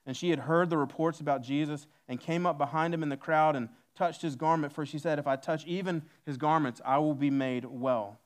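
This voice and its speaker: A male pastor preaching a sermon, reading scripture aloud and slowing down to stress key lines. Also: medium pitch. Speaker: lead pastor.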